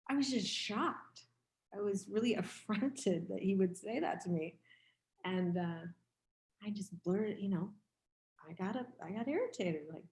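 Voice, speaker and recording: A woman's voice: medium pitch, animated, a little slow, long pauses, darkish tone. A woman in her fifties giving a dharma talk as a meditation teacher, speaking in a candid, reflective, conversational way. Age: 50s. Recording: roomy echo.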